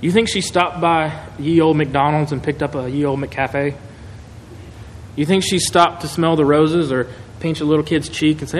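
A man preaching a sermon in a conversational, animated way, acting out quotes. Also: on the high side, normal speed. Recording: echoey hall, faint noise.

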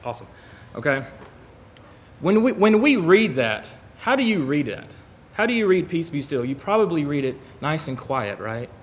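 A man's voice: a little high, sing-song, moderate pace. A man preaching a sermon in church, talking casually with the congregation and reading scripture aloud. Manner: conversational, reads scripture aloud.

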